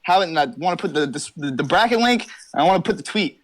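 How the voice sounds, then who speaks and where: A man's voice: high voice, animated, a little fast. A young man talking from his car as an interview guest, joking, boasting and rambling with lots of swearing. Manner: brash, profane, rambling comic boasting.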